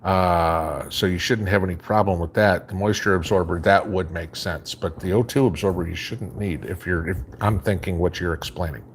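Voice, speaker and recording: Hosting a live stream from home, a man with a very low voice and a faint Chicago accent reads viewer comments aloud. He answers them in a relaxed, rambling way during this casual live chat, with a faint hum beneath his voice.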